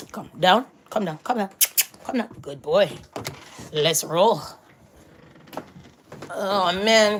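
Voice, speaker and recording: A woman's voice: medium pitch, a bit bright. A woman chatting casually to her viewers as she walks through her home and backyard garden, filming on a handheld phone and calling out to them again and again. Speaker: vlogger. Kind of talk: casual vlog chat.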